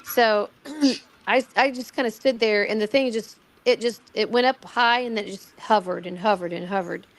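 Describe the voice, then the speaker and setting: A woman's voice: a little high, moderate pace. Chatty middle-aged woman telling a story. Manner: animated, acts out quoted voices, many restarts. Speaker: guest recounting a personal experience. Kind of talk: casual storytelling.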